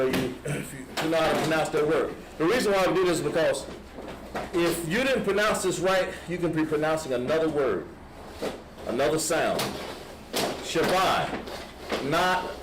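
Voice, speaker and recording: A man with a Southern American accent, patiently explaining a lettering lesson step by step to a class. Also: fairly high pitch. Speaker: Hebrew lettering teacher. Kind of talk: classroom instruction. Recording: echoey room with background noise.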